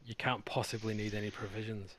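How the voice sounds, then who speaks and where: A man voicing a commanding female captor who speaks slowly, curtly and dismissively. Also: on the low side, flat delivery, a bit bright, a little hiss or hum, close to an everyday voice. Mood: cold. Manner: slow, curt, dismissive.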